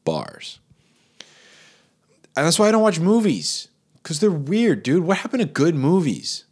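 A man doing a rambling comic rant, his pitch jumping up high for emphasis. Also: big pitch swings, moderate pace, a little mellow, husky.

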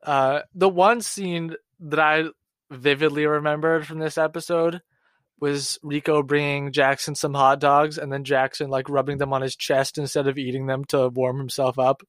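A man with a slightly high voice rambles on a podcast, stumbling over restarts. His voice sounds dry and close, with no room echo. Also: level tone, fairly bright tone. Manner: rambling, halting, many restarts and fillers. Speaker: podcast co-host. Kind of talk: casual podcast chat.

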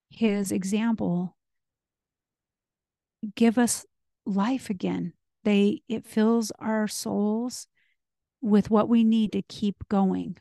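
Woman doing a devotional podcast, slow and thoughtful, kinda gravelly and dark, lots of ums. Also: medium pitch, dry recording, studio quality. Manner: slow, earnest, reflective with frequent ums. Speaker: podcast host.

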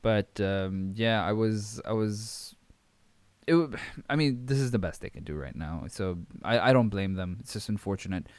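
A man's voice: lowish voice, animated, normal speed, a little mellow, dry recording. A young man hosting a podcast, recapping wrestling in a rambling, amused way with many fillers. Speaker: podcast host.

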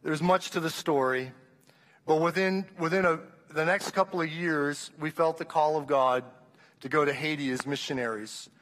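A man's voice: a little high, normal speed, fairly bright tone, long reverb tail. A man around sixty, a pastor, gives an impassioned sermon testimony, telling his story with frequent restarts. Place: church hall.

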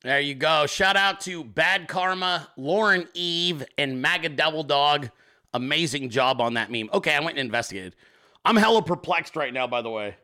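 A middle-aged man hosts his show in a loose, profane ramble, with a fairly high voice that swings up and down. His tone is bright and forceful, and he jumps into squeaky voices when he acts things out. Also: animated, normal speed. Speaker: show host. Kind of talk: casual profane livestream chat.

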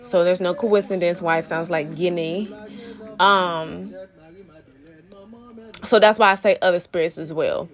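A woman's voice: lowish voice, fairly even intonation, a little slow, long pauses. A young woman talking loosely and casually to her followers, using lots of slang and fillers, slightly out of breath. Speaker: Vodou practitioner and spiritual mentor. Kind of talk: casual vlog talk to viewers.

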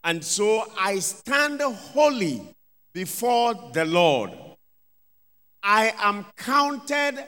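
A man's voice: high voice, very animated, drawn-out words, bright, forceful tone, clean tone. A man, a bishop preaching a sermon with emphatic call-outs of hallelujah and amen. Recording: long reverb of a large hall.

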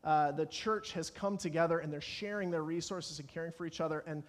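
A man's voice: fairly high pitch, steady tone, a little fast. A man preaching a sermon as pastor, talking in an earnest way and acting out anxious prayers. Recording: long hall reverb.

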